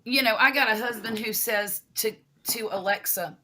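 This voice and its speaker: A woman joining a casual podcast chat, chiming in with lively exclamations. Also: fairly high pitch, moderate pace, hardly any pauses, slight background noise.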